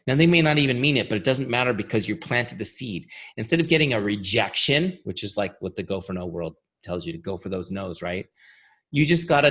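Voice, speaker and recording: A man with a tired, fading voice gives an energetic webinar training, chatty and full of rhetorical questions. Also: on the low side, a little fast. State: losing his voice. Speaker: software founder giving a training webinar.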